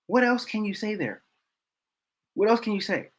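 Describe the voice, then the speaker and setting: A man's voice: high-pitched, expressive, slow pace, pauses often, a little hiss or hum, rough recording. A man hosting a football film breakdown, talking casually and repeating himself in exasperation.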